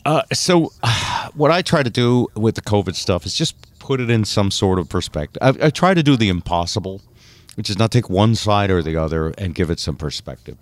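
Deep voiced guy hosting a chat show, talks with lots of fillers, animated. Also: moderate pace, no room sound. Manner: chatty, steers topics, thinks aloud with fillers. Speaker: host. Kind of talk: casual radio talk show.

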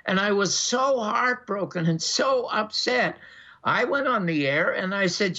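An older man from Canada, a former TV critic, telling animated anecdotes in an interview, with frequent restarts and laughs, in a dull lo-fi recording. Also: high-pitched, a little slow. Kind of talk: storytelling interview.

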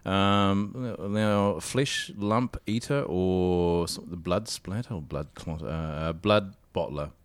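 A man's voice: sits low, slow pace, few pauses, smooth, dry recording. A man co-hosting a radio show in a studio, teasing his partner in casual banter. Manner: teasing, jokey. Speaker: radio co-host.

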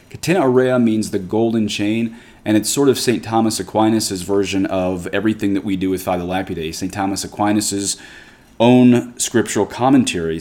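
Earnest low-voiced priest preaching. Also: male voice, a little mellow. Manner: earnest, conversational, reads quotations aloud. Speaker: Catholic priest. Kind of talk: scripture commentary talk.

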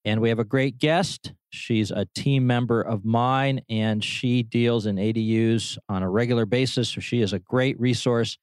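A man hosting a podcast, friendly and a little halting as he introduces his guest. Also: medium pitch, steady tone, smooth, no room sound. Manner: friendly, slightly halting with fillers and restarts. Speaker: podcast host.

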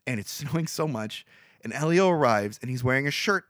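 A man co-hosting a podcast, casually retelling a movie plot in a rambling, animated way, full of fillers. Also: mid-range voice, fairly quick, dry recording, clean studio sound. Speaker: podcast co-host.

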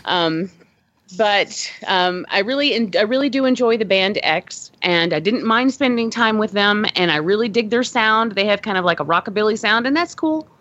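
A woman's voice: mid-range voice, lively intonation, moderate pace, fairly bright tone, dry recording. Woman podcast host, rambly and profane, dry dull lo-fi sound. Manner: rambling, full of fillers and swearing. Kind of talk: casual podcast chat.

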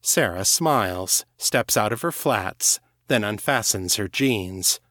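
A low-voiced man reads a first-person audiobook story in a measured, even way. The recording is dry, with no room sound around him. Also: no echo. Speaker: audiobook narrator. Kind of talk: scripted first-person narration.

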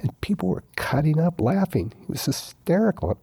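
A man guest in a casual interview, telling his recovery story with lively retellings, acting out quoted dialogue and repeating lines for emphasis. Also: on the high side, normal speed, husky, no room sound, studio quality.

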